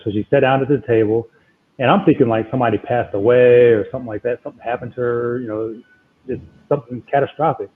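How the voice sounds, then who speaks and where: A man telling a story in a lively, emphatic way, often repeating himself. His voice sits at an ordinary pitch for a man. He sounds thin and narrow, like a phone line. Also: quick pace. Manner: animated, emphatic, retells exchanges with repeated "I'm like". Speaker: guest. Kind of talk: conversational storytelling.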